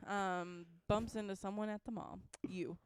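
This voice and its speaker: A woman's voice: medium pitch, steady tone, measured pace, crowd noise. A woman from Ohio co-hosting a casual podcast, playful and giggly as she explains a word. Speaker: podcast co-host. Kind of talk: casual chat.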